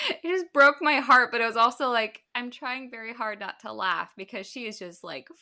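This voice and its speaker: A woman in her thirties co-hosting a podcast, telling a chatty, animated story about her young child in casual conversation. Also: on the high side, normal speed. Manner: animated, chatty, many filler words. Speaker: podcast co-host; mother of a five-year-old.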